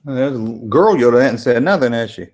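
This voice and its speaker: A man's voice: medium pitch, lively intonation, fairly quick, a little mellow. Laid-back man rambling late at night. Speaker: host of a late-night movie watch-along stream. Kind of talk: casual live commentary while reading chat. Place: home room, late at night.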